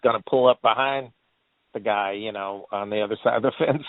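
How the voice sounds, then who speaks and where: A man's voice: on the low side, a little fast, no room sound. A man co-hosting a review show, mostly chiming in with short agreeing replies. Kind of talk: casual chat. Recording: dry tinny phone-like line.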